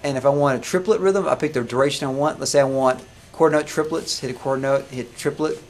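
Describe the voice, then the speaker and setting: A man teaching music software to a class, talking casually with many restarts and questions to the students. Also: mid-range voice, quick pace, slight background noise. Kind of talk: live classroom software demo.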